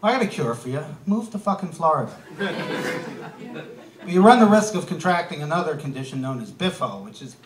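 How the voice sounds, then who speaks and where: A man's voice: a little high, lively intonation, moderate pace, reverberant, background noise. A man doing a stand-up comedy set, punchy and wry, throwing asides to the crowd. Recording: live club room, mic heard from a distance. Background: audience laughter.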